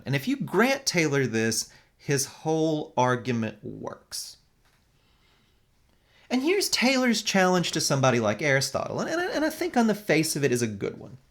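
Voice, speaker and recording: A lecturer talks through a logic lesson with a lively pitch that climbs and drops often. The delivery is conversational and explanatory, full of asides and repeated checks with the class. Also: measured pace. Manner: animated, explanatory, asks "right?" often. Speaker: philosophy lecturer. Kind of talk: recorded lecture.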